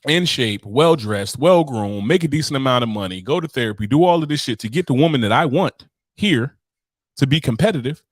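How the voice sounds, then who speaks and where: A man's voice: mid-range voice, animated, fairly quick, dry recording, studio quality. A man hosting a podcast, ranting in casual, profane chat. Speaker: podcast host.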